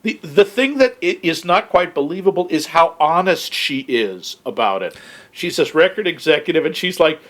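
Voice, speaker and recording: A man's voice: on the high side, normal speed. Chatty man with a raised voice. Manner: animated, laughs often, acts out quoted lines. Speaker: podcast co-host. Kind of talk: casual film review chat.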